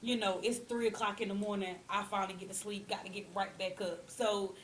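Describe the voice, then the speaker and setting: A young woman speaks in a relaxed interview, running on candidly about her days as a hairstylist. Her voice sits at an ordinary middle pitch. A faint hum of room ambience runs underneath. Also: fairly quick. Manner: candid, talks in long runs with frequent "you know what I'm saying". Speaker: hairstylist and guest. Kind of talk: casual interview chat.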